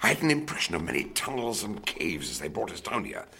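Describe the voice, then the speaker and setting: An eccentric, wildly enthusiastic scientist, his gravelly voice leaping high and low as he muses about what he has found, as a man performs him. There is steady noise under the track of this radio play. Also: fast talker, heavily acted. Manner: enthusiastic, musing, talks to aliens in simple words. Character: eccentric, excitable male scientist explorer.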